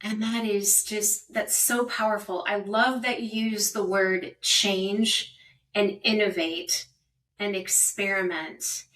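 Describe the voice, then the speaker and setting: A woman's voice: medium pitch, fairly even intonation, takes it slowly, a bit bright. Woman, middle-aged, podcast host, encouraging, affirming, slightly distant mic. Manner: encouraging, affirming with frequent "amen". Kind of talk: interview podcast.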